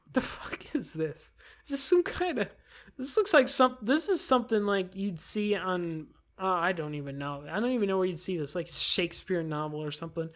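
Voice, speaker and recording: A woman doing let's-play commentary on a visual novel, reacting loudly with profane jokes. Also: lowish voice, animated, moderate pace. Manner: loud, profane, joking reactions. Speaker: gamer.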